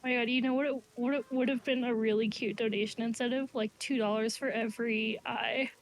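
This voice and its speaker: Excitable woman cohosting a charity stream, high voice, bubbly. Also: a little fast, poor audio. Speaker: event co-host. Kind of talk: casual livestream chat.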